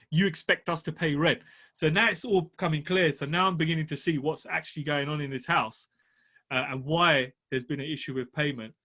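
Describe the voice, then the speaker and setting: A man, a property podcast co-host telling a story in an animated, laughing way. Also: on the high side. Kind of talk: casual storytelling.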